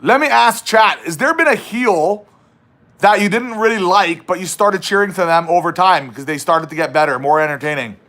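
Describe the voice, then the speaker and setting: A man hosts a casual livestream, chatting and teasing as he reads out viewer questions. His voice sits high and sounds bright and ringing. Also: normal speed. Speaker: livestream host.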